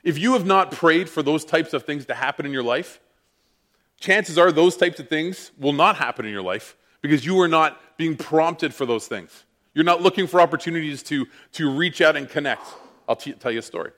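A man preaching, telling a personal story with lively, self-mocking animation. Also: a little high, normal speed. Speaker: pastor. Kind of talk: sermon storytelling.

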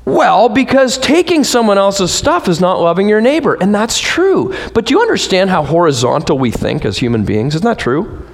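Animated man preaching a sermon. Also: sits high, moderate pace. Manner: animated preaching with rhetorical questions and asides. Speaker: pastor.

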